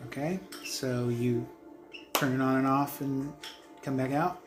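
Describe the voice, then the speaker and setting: A man running a tabletop game as game master, narrating the scene and answering players with a relaxed, hesitant manner. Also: medium pitch, unhurried, music in the background. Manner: easygoing, hesitant with ums.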